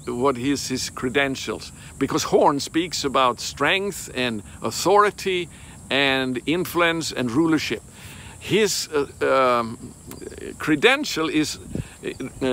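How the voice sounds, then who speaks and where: A man giving a Bible teaching in a deliberate, emphatic way, pausing and hesitating often. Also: mid-range voice, bright, forceful tone, slight background noise.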